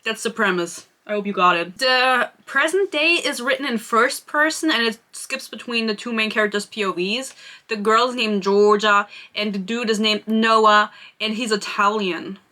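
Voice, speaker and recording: Bright, chatty woman reviewing books. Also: fairly high pitch, moderate pace. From Germany. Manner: chatty, sarcastic, giggly asides. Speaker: book reviewer. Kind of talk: casual video book review.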